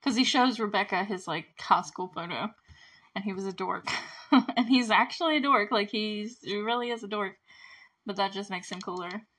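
A young woman talks through a movie scene by scene in a loose, casual way. She giggles often and leans on filler words as she goes. Her voice sits at an everyday middle pitch. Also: moderate pace, a bit bright. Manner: chatty, giggly, many "like" fillers. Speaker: movie review host.

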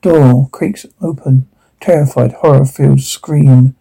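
A man reading a transcript aloud, slow and halting, stumbling over words. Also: mid-range voice, vocal fry, dark tone, breathy edge, low-quality recording. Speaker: reader.

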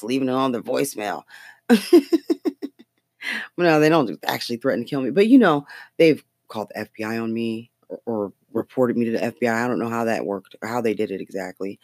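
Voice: mid-range voice, a little mellow, dry recording, studio quality. A podcast host talking about politics in a loose, rambling way, swearing and laughing often. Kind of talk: casual political chat.

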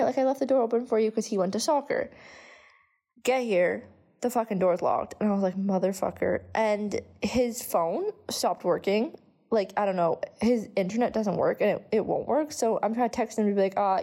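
A woman's voice: medium pitch, a little mellow. A young woman telling a casual storytime vlog, chatty, with frequent swearing and many fillers. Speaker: vlogger.

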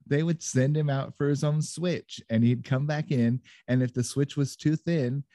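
A man's voice: medium pitch, steady tone, moderate pace, warm tone, no room sound, studio quality. A man in casual podcast chat, rambling loosely and laughing often. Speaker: podcast co-host.

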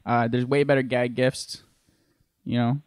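A man's voice: mid-range voice, flat delivery, unhurried, smooth, dry recording, clean studio sound. A young man co-hosting a casual podcast, joking around and laughing often. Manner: laughs often, jokey, does voices. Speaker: podcast co-host. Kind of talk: casual chat.

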